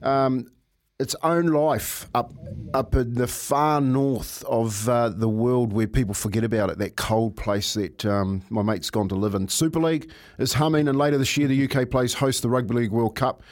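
Teasing, matey Kiwi radio co-host. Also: male voice, mid-range voice, normal speed, a little mellow, no room sound. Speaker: radio co-host, former player. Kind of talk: sports talk radio. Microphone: studio mic.

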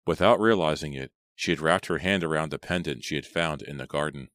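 A man narrating a horror audiobook in a steady, measured reading style. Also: rumbling low, no room sound, studio quality.

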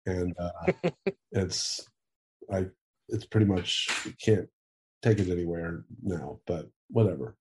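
A man's voice: deep voice, takes it slowly, background noise. A young man answering interview questions over a video call in casual chat, rambling, laughing often and swearing casually. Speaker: interview guest.

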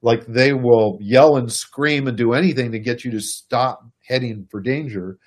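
A man giving a casual, animated explanation to a listener, chuckling and speaking to them directly. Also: mid-range voice, normal speed. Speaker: speaker explaining personality types.

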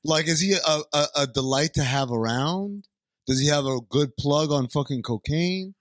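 A man's voice: fairly high pitch, moderate pace, no room sound, studio quality. A man co-hosting a comedy podcast, ranting in an exasperated, profane way about a movie. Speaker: podcast co-host. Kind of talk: casual comedic movie talk.

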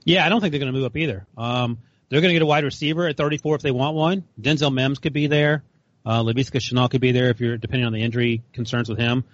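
A man giving quick, matter-of-fact analysis in a casual sports chat. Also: medium pitch, fairly even intonation, no echo, lo-fi sound.

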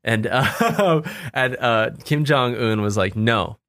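Casual podcast guy, mid pitch, gets excited telling stories, laughs a lot, swears, dry close mic. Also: takes it slowly, dry recording. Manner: excitable storyteller, swears freely, laughs often. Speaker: podcast co-host.

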